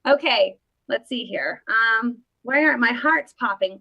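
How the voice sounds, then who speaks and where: A woman's voice: a little high, measured pace, vocal fry, sharp tone, muffled recording. A woman hosting a casual livestream, playfully greeting viewers by name as she chats. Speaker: livestream host.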